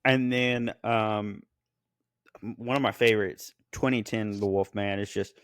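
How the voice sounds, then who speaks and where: Rambling low-voiced man chatting casually. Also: flat delivery, unhurried, fairly bright tone, clear, resonant tone, dry recording, studio quality. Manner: rambling, filler-heavy, jokey impressions. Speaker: podcast co-host reviewing films. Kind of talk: casual chat.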